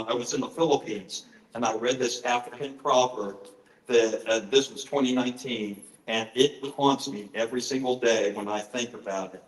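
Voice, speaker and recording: Middle-aged male author, mid-pitched, earnest storyteller, roomy conference-hall sound. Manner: earnest, storytelling, frequent fillers. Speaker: author giving a presentation. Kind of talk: conference talk with personal stories.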